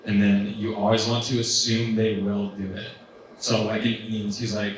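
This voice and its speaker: Man, workshop presenter, relaxed and chatty, lowish voice; distant mic in a very echoey hall with faint hiss. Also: normal speed. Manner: loose and conversational, many ums and likes. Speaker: business coach presenting at a trade event. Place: large event room with an audience.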